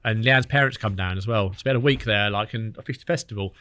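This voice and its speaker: A man, a podcast guest telling lively stories in casual chat, acting out what others said. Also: on the low side, no room sound. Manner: fast, animated storytelling with quoted dialogue.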